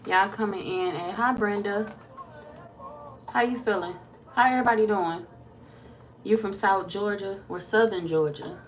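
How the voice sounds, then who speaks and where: A woman's voice: mid-range voice, measured pace, pauses often. A woman tarot reader chatting casually on a live stream, greeting viewers by name and swearing freely.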